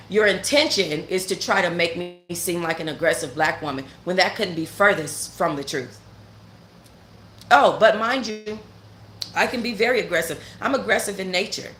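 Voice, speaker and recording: A woman with a fairly low voice tells a story as a heated, casual rant. She is blunt and profane and hammers her points home by repeating them. Her voice echoes around the room over a faint background hum. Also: fairly bright tone. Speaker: channel host.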